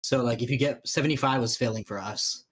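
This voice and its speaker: A man's voice: medium pitch, brisk, fairly bright tone. A man chatting casually on a watch-along voice call, rambling through stories and laughing often. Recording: voice chat call.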